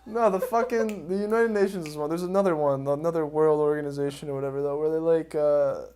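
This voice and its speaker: A man with a slightly higher voice who rambles through loose podcast chat. He gets animated, laughs a lot and swears without a second thought. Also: fast, smooth. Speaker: podcast host.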